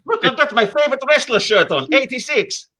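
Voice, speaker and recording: A man's voice: animated, a little fast, pushed and bright, exaggerated voice. A man voicing a goofy, boastful, aging European ex-wrestler, in a rambling, hammy comedy bit. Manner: hammy, rambling, with big pitch swings. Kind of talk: comedic character bit on a live stream.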